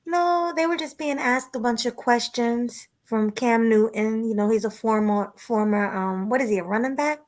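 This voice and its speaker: A woman with a fairly high voice co-hosts a casual livestream show. She chats in a relaxed, friendly way with her guests and thanks the viewers warmly. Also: moderate pace, few pauses. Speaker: podcast co-host.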